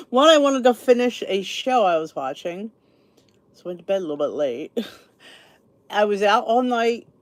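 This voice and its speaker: A woman's voice: medium pitch, big pitch swings, a little slow, long pauses, no echo. A middle-aged woman hosting a casual live podcast, chatty and rambling, greeting viewers by name while sounding tired and sleepy. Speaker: podcast host. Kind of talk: casual live-stream chat.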